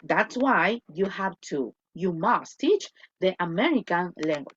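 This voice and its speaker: A lively English teacher whose first language is Spanish gives an online class lecture in a mid-range, unhurried voice. She switches between English and Spanish, repeats points, and asks "okay?" The lo-fi audio is dull, with a little hiss or hum.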